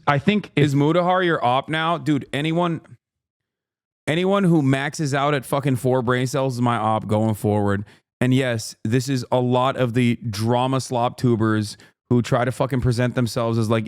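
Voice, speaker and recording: A man's voice: mid-range voice, steady tone, measured pace, clean tone, dry recording, clean studio sound. A man streaming, ranting with heated, profane sarcasm while reacting to a clip.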